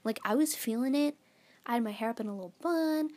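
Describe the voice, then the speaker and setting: A teenage girl hosts her own podcast from home, lying on her bed and chatting casually on her own. Her voice is a little high, a little fast, and darkish, and she rambles with plenty of fillers and giggles.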